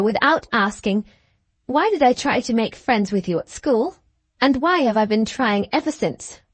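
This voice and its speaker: A hard, bitter young schoolgirl full of satirical scorn, read by a woman in an audiobook. Her voice sits fairly high and swings widely as she mocks and shows off. The sound is dry and close. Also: no echo. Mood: mocking. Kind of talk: audiobook character reading.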